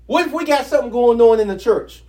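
A man teaching a Bible study, reading scripture aloud and then talking it through in an animated, conversational way with rhetorical questions. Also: extremely high pitch, fast talker, far from the mic.

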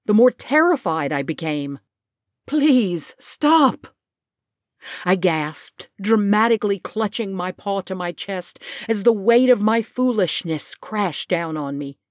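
Lady narrating a storybook, lowish voice, dry close sound. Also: no room sound. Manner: slow, expressive reading.

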